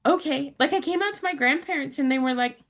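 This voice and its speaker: Animated woman host telling stories. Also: high-pitched. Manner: animated storyteller, quick, many fillers. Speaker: podcast host. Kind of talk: casual chat.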